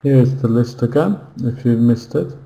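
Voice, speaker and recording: A man teaching an online English lesson, slowly repeating words and pronunciations for his students. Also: medium pitch, gravelly, dark tone, low-quality recording.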